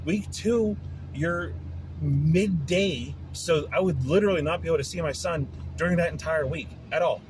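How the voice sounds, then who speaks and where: A man's voice: a little high, moderate pace, noisy background. A man hosting his own podcast, venting in a frustrated, profane casual rant. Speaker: podcast host. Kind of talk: casual ranting monologue.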